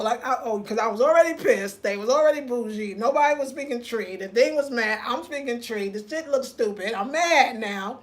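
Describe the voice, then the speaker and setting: A woman, hosting a casual livestream rant, telling an animated story straight to her viewers and reading their comments aloud. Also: sits high, brisk, hardly any pauses. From United States. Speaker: host.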